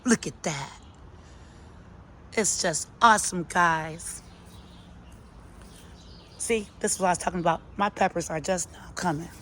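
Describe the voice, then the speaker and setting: A middle-aged woman gives a casual garden tour on her phone camera, walking outdoors at a measured pace with frequent pauses. Her lowish, slightly bright voice is chatty and sassy as she addresses her plants, her viewers, and herself, over slight background noise.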